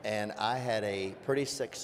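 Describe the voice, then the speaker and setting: Folksy man from Virginia, softened Southern accent. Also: lowish voice, normal speed. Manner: folksy storyteller, animated asides. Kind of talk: casual panel discussion.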